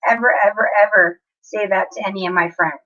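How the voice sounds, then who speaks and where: A woman's voice: medium pitch, fairly even intonation, brisk, a bit bright. Chatty woman on a lo-fi live stream. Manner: apologetic, chatting to viewers in chat. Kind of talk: casual live-stream chat.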